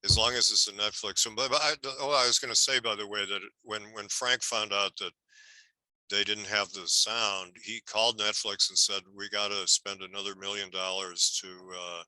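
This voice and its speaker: Older man, bright dry storyteller. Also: fairly low pitch, fairly even intonation, normal speed, dry recording, poor audio. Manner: rambling anecdotes with many restarts. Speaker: guest film historian. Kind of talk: casual interview storytelling.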